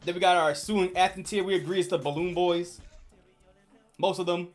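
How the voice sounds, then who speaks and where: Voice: mid-range voice, fairly even intonation, fairly quick, faint music behind. A streamer chatting casually on a livestream, rambling with lots of fillers and restarts.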